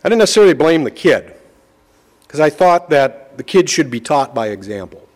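A middle-aged man giving a sermon, telling a folksy personal story with slow, emphatic phrasing. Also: a little high, very animated, darkish tone. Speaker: preacher.

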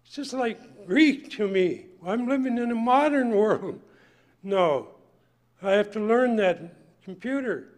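Older male preacher, high voice, folksy and emphatic sermon delivery. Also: lively intonation, takes it slowly. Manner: folksy, emphatic, swings from loud to hushed.

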